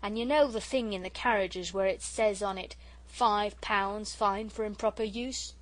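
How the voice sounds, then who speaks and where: A woman's voice: medium pitch, steady tone, a little slow, lightly acted, poor audio. A woman reading an audiobook, voicing a chatty working-class railway porter who talks in a homely way. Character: gruff kindly middle-aged railway porter.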